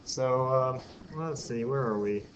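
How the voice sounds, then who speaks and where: A middle-aged man with a drawl talks a classroom through physics step by step, questioning the students and wandering into asides. His voice sits at an ordinary pitch. The recording is dull and lo-fi, with a faint hiss underneath. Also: a little slow. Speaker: physics lecturer. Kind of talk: classroom lecture.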